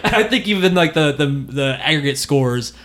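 A male podcast host with a fairly high voice who talks about films in a loose, casual way. He laughs often and drops swear words freely. His delivery stays animated and quick to react. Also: background noise. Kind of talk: casual movie chat.

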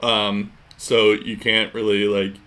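A man's voice: lowish voice, monotone, slow pace, fairly bright tone. A man co-hosting a casual sports podcast, rambling with lots of fillers. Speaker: podcast co-host.

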